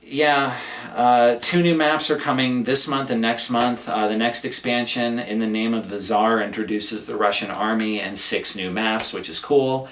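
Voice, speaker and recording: A man's voice: mid-range voice, fairly even intonation, moderate pace, a bit bright, roomy sound, far from the mic, slight background noise. A man giving a casual, rambling recap of a gaming event, sarcastic and prone to cursing. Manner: sarcastic, profane, rambling rant. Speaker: gaming commentator.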